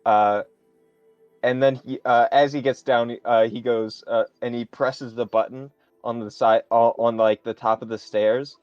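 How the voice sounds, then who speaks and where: A man narrating a tabletop game as game master, describing scenes in a halting, improvised way. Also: mid-range voice, steady tone, a little mellow, smooth, no room sound, dull audio, soft background music.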